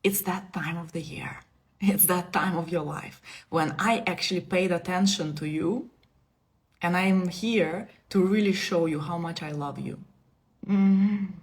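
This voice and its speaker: A woman in her thirties giving a casual spiritual talk on a live stream. She is playful, laughs often and moves between soft asides and emphatic bursts. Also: on the low side, unhurried. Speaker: spiritual teacher. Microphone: phone or webcam on a live stream.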